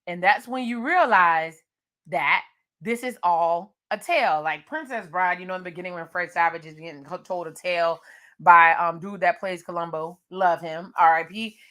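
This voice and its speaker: A woman's voice: fairly low pitch, fairly even intonation, normal speed, sharp tone. A woman recapping a horror movie with jokes and slang, laughing often. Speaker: movie reviewer.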